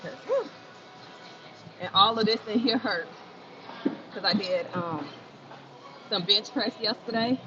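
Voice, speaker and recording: Slow and expressive, a woman with a medium-pitched voice pauses often while chatting casually on a livestream from an indoor gym. As a fitness livestreamer, she repeats phrases for emphasis. Noisy gym sound muffles the recording.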